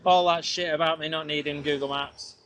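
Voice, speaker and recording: A man's voice: fairly high pitch, steady tone, brisk, noisy background. A man chatting casually and rambling as he rides a scooter outdoors, talking into a small mic with a fluffy windshield. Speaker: podcast host. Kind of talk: casual vlog narration while riding. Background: road ambience.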